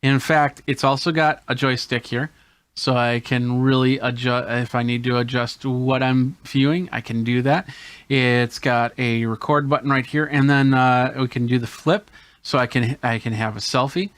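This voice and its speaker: A man's voice: mid-range voice, fairly even intonation, moderate pace, a bit bright, no echo. A man hosting a tech channel, explaining camera gear hands-on in a casual demo. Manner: explains hands-on while demonstrating gadgets.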